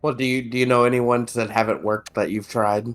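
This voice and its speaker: A woman's voice: very deep voice, fairly even intonation, a little fast, soft background music. A woman co-hosting a podcast, chatting casually with a teasing, giggly manner. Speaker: podcast co-host. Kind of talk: casual chat.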